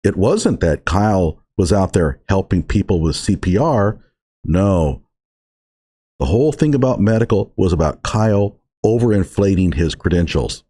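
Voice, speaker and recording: A man's voice: low-pitched, animated, normal speed, mellow, breathy edge. A man giving emphatic, sarcastic reaction commentary on an article he is reading through.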